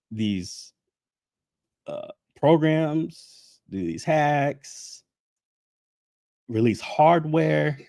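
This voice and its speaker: A man's voice: mid-range voice, darkish tone, no echo, studio quality. A man hosting a casual livestream, venting in a heated, sarcastic, profane way, often laughing between remarks. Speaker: channel host.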